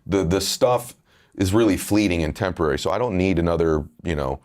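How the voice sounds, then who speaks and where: A middle-aged man with an extremely low, deep voice talks candidly in an interview. He tells a personal story in an earnest, heartfelt way and at times gets emotional. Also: brisk, a little mellow. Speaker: podcast host and author.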